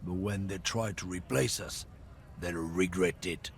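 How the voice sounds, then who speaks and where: A man doing a gravelly, swaggering bigoted trucker. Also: sits low, a little slow, a little hiss or hum, voice pushed down. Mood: boastful. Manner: swaggering, boastful, sneering. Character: gruff bigoted middle-aged male trucker. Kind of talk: voicing game dialogue on a livestream.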